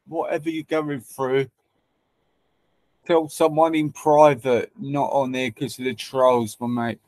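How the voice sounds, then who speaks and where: A man's voice: medium pitch, flat delivery, takes it slowly, darkish tone, no echo. A man hosting a livestream, chatting casually and teasing viewers with banter and swearing. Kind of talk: casual chat.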